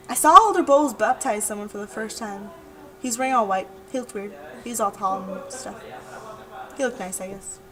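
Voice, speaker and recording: A woman's voice: mid-range voice, low-quality recording. Rambling, chatty young woman vlogging. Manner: rambling, chatty, repeats words. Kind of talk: casual diary vlog.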